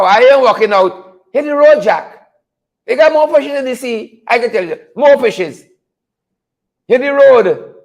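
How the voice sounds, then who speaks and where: A Guyanese man hosts a commentary show, preaching and exclaiming with passion and repeating himself heavily to hammer points home. His voice is very high, with vocal fry.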